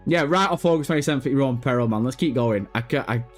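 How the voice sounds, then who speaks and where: A man's voice: medium pitch, fast, soft background music. A man chatting casually on a gaming news livestream, swearing freely and breaking into helpless laughter.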